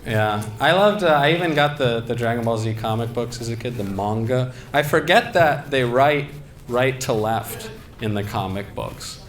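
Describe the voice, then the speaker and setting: A young man performing a stand-up comedy set at a convention, self-deprecating with quick laughing asides. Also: medium pitch, expressive. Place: convention stage. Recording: echoey hall with ambient noise.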